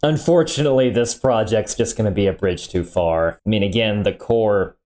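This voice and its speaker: A man's voice: fairly low pitch, normal speed, dark tone, faint music behind. A man, a nuclear engineer, giving casual reaction commentary, thinking aloud and chuckling now and then.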